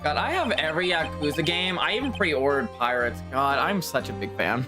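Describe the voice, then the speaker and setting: A man's voice: on the high side, lively intonation, fairly quick, few pauses. A man streaming a game, making casual joking asides between scenes. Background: game music.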